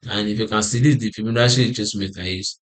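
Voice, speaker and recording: A man's voice: lowish voice, fairly even intonation, racing. Tired man walking through trading charts. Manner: repetitive, restarts phrases, asks himself "what?" then answers. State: tired and yawning. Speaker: forex trading analyst. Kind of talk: screen-share chart walkthrough.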